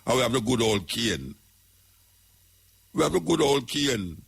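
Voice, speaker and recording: Gravelly Jamaican man preaching on radio. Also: mid-range voice, very animated, measured pace. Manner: preaching, repetitive, emphatic. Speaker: radio host. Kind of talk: talk radio commentary.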